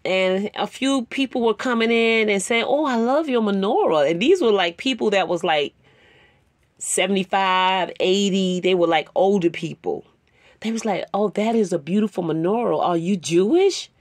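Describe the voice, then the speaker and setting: A woman's voice: medium pitch, moderate pace, no echo, studio quality. A woman telling a personal story in a sermon-style talk, conversational and emotional. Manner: conversational, rambling with fillers; emotional, tearing up. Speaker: Bible teacher.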